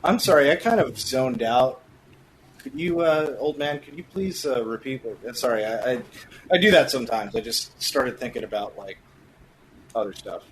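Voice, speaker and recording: A man playing a tabletop game who talks in a halting, rambling way. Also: medium pitch, a bit bright, slight background noise, rough recording. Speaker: player. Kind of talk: casual tabletop game chat.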